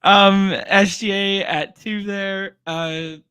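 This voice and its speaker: A man co-hosts a relaxed podcast, mostly chiming in with short replies and easy laughs. His voice is bright and crisp. The sound is dry and close. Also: sits high, slow, no echo. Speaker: podcast co-host. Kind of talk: casual chat.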